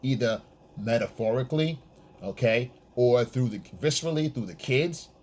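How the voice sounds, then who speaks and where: A man's voice: medium pitch, moderate pace, a little mellow. A man giving blunt, profane dating advice in a casual monologue, often checking in with the listener. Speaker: men's dating coach.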